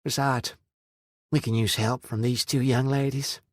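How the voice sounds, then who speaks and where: A man's voice: medium pitch, steady tone, unhurried, no room sound, studio quality, pitched above the performer's own voice, lightly acted. A man voicing a stern but loving middle-aged mother who scolds firmly. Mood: welcoming. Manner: scolding, firm.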